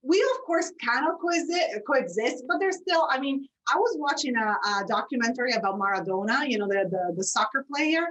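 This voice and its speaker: An Italian-accented woman, a native speaker of Italian, talks as a podcast guest in an animated, laughing way. Her voice sits fairly high and sounds somewhat distant from the microphone. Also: fairly quick, hardly any pauses, a little hiss or hum. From Italy. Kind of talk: casual chat.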